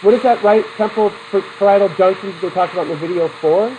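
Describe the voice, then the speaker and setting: A man's voice: high voice, fast talker, a little hiss or hum, low-quality recording. A middle-aged man teaching a psychology class, lecturing with questions to the students and personal stories. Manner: animated, talks to students with questions and anecdotes.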